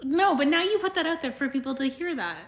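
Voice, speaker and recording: A woman's voice: high voice, quick pace, roomy sound. A young woman co-hosting a podcast in casual chat, blunt and swearing freely. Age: young adult. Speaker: podcast co-host.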